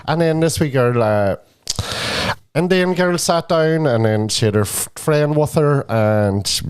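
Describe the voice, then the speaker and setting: A man's voice: a little high, expressive, a little slow, darkish tone, clear, resonant tone, no echo, clean studio sound. A man, a podcast co-host telling a story in casual chat and acting out the other people's lines. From Northern Ireland. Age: 40s.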